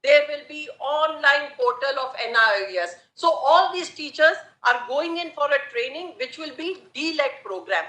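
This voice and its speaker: A woman advocate with an Indian English accent making a formal, measured argument in court, deferentially addressing the bench. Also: high-pitched, animated, bright, forceful tone. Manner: measured, deferential, repeatedly saying "my lords". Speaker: advocate arguing a case. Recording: echoey courtroom audio.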